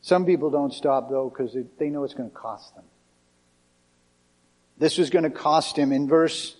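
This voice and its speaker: A man's voice: fairly high pitch, a little mellow. A male pastor preaching a sermon in a conversational, emphatic way.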